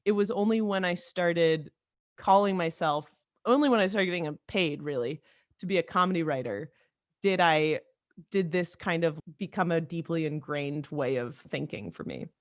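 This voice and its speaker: Animated woman, dry close mic. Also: fairly low pitch, dry recording. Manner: animated, talks in quick restarts and asides. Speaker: guest comedy writer. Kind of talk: casual interview chat.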